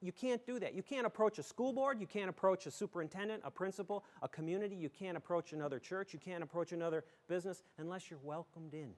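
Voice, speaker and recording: A middle-aged man from western New York speaks in a rather high voice. He gives a folksy talk to a community audience, joking and emphatic as he makes his points. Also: fast talker, hardly any pauses. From southern tier of western New York. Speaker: school superintendent.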